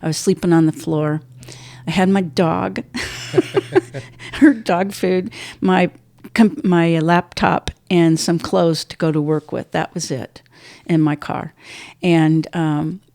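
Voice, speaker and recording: Older woman guest, halting emotional storytelling, darkish low voice, dry mic. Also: dry recording. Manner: halting, restarts often, voice drops low and soft at painful moments. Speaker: podcast guest.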